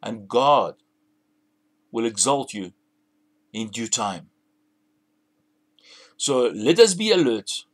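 A man's voice: medium pitch, big pitch swings, slow pace, pauses often. A man preaching a sermon, emphatic, repeating and restarting phrases as he builds his points.

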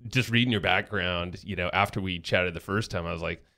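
A man's voice: low-pitched, brisk, creaky, bright, forceful tone. A man hosting a podcast, chatting casually with lots of fillers and frequent laughter. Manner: laughs often, filler-heavy. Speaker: podcast host. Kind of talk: casual interview chat.

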